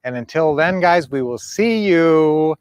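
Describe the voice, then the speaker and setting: A man's voice: on the high side, animated, measured pace, clear, resonant tone, no room sound. A middle-aged man hosting a casual real estate coaching stream, talking in a rambling, folksy way full of fillers.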